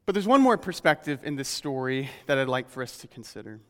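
A man preaching a sermon, reading scripture and explaining it in a measured, earnest way that slows on key phrases. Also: medium pitch, very animated, a bit bright, big-room sound.

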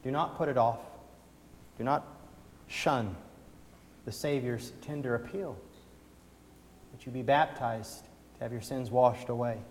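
A man preaching a sermon, moving between soft pleading and loud, emphatic passages as he calls listeners forward. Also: medium pitch, fairly even intonation, measured pace, pauses often, slight background noise. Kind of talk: sermon with invitation. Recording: long reverb of a church hall.

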